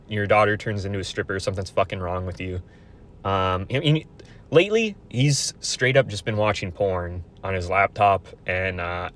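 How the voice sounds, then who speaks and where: A man's voice: lowish voice, fairly bright tone. A man in his twenties ranting in a casual, profane, rambling way with frequent restarts. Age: 20s. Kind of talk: casual venting monologue.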